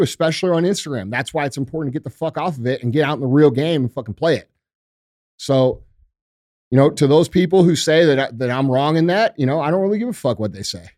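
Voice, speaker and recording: Podcast host guy, swears a ton, blunt preachy rant, kinda high voice. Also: darkish tone, no room sound, studio quality. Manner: blunt, profane and emphatic; preachy motivational ranting. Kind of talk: casual podcast chat.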